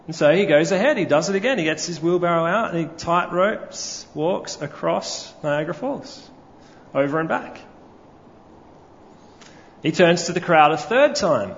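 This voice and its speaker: Male preacher with a slightly high voice, storytelling sermon, dull lo-fi hall recording. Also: lively intonation, moderate pace, a bit bright. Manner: storytelling, asks the congregation questions. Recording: lo-fi recording with long hall reverb.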